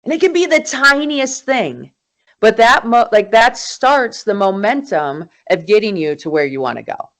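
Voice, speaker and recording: A woman's voice: fairly high pitch, expressive, normal speed, fairly bright tone. A woman in her forties speaks as an interview guest. Her voice climbs and falls a lot as she tells her story with emphatic energy. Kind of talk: conversational interview.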